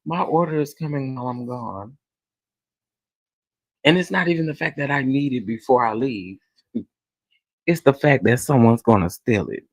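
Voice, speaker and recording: A man, hosting a casual commentary chat, animated and dramatic as he talks to his viewers. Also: mid-range voice, normal speed, pauses often, dry recording, low-quality recording. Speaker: commentary channel host.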